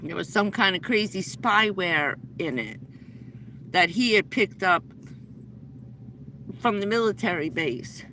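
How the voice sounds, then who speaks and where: Bright-voiced middle-aged woman rambling a story. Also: medium pitch, expressive, unhurried, long pauses, slight background noise, low-quality recording. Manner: rambling, breathless anecdote with many restarts. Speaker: livestream host. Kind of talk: casual storytelling on a livestream. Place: inside a vehicle.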